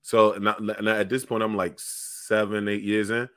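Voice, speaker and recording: A man who is a stand-up comedian, telling stories in casual podcast chat, animated and swearing freely, often breaking into laughter. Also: lowish voice, a little slow, smooth, dry recording, studio quality.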